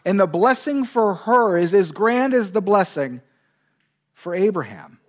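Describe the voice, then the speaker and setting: Guy pastor preaching a sermon, kinda high voice, earnest, leans on key words. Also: big pitch swings, measured pace.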